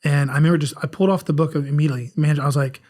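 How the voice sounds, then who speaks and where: Talking rapid-fire in a steady, darkish voice pitched on the high side, a man in his forties from South Carolina appears as guest author on a casual podcast with many restarts. A faint Southern accent colors his speech, which rambles and restarts often, candid and self-reflective.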